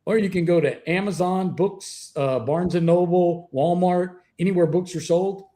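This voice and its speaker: A man's voice: high-pitched, normal speed, mellow. A middle-aged man, a retired police officer telling profane anecdotes as a guest on a call-in interview. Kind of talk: casual storytelling interview.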